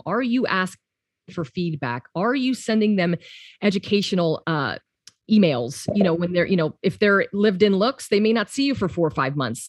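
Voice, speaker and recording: A woman's voice: lowish voice, no echo. A woman hosting a podcast chat, who talks steadily and lays out her points in lists. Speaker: podcast host.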